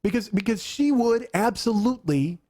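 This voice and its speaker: A man from Chicago hosting a comedy podcast, telling stories in an animated way, acting out voices, swearing freely and laughing often. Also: high-pitched, normal speed. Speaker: podcast host. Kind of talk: casual comedic chat.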